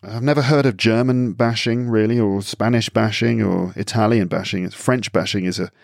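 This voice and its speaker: A man's voice: lowish voice, steady tone, moderate pace, vocal fry, no room sound, clean studio sound. An English man chatting casually as a podcast guest, talkative, often correcting himself mid-sentence and laughing easily. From England. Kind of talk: casual chat.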